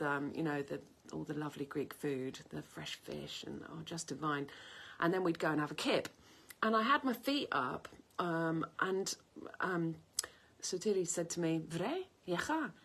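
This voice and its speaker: A woman's voice: low voice, a bit bright, husky. A woman in her fifties chatting casually to camera from her kitchen, rambling from one story to the next. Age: 50s. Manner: chatty storyteller, wanders off topic. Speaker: health and cooking vlogger. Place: home kitchen in the countryside.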